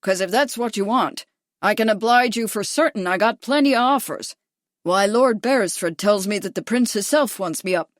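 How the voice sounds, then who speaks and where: A woman's voice: mid-range voice, normal speed, few pauses, no room sound, studio quality, lightly acted. A woman voicing a brash, boastful young male jockey with a drawling American Midwestern accent in a storybook reading. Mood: belligerent. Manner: drawling, belligerent.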